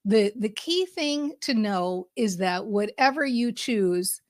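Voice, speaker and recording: A middle-aged woman giving an upbeat motivational talk as a mindset coach, emphatic and acting out excited self-talk. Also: mid-range voice, slow, dry recording, studio quality.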